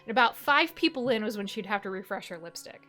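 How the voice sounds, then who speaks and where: A woman chatting casually on a live stream, telling animated stories, swearing freely and laughing often. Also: medium pitch, fast, soft background music. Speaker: streamer co-host.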